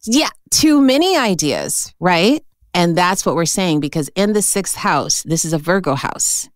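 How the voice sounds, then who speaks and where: Chatty low-voiced woman giving an astrology reading. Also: measured pace, no room sound, clean studio sound. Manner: chatty, animated, often says "okay?" and "right?". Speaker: astrologer host.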